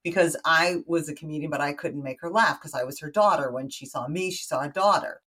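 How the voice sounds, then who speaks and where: Low-pitched and husky, an American woman speaks a little fast as an interview-show guest, relaxedly spinning out a personal story. She stays animated and talkative, slipping in wry asides along the way.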